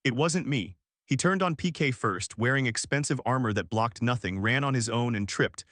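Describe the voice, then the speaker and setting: A man's voice: medium pitch, moderate pace, a bit bright, no echo, studio quality, lightly acted. A man voicing a cold, arrogant young male swordsman who speaks with contempt.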